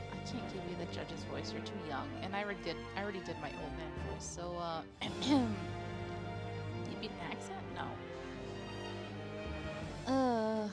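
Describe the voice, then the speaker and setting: Gamer girl reacting, lots of giggles, swoopy pitch, slow-ish, game music loud behind. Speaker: let's play streamer. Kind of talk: casual game commentary.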